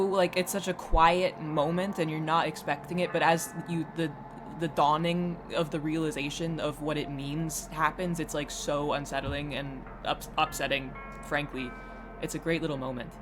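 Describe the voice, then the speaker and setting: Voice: medium pitch, flat delivery, normal speed. Rambling streamer over game music. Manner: rambling, self-deprecating, often trailing off and restarting. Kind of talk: casual chat while playing a game.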